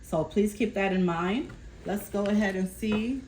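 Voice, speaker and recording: Her voice is medium in pitch and unhurried, heard over slight background noise on a rough recording. Reading tarot casually to camera, this woman soothes the listener, passing along spirit messages without a break and asking "okay?" again and again.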